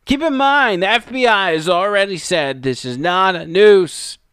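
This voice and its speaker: Commentator, male, sarcastic and mocking, smooth dry mic sound. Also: sits high, expressive, moderate pace, a bit bright, dry recording. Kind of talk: opinion commentary over clips.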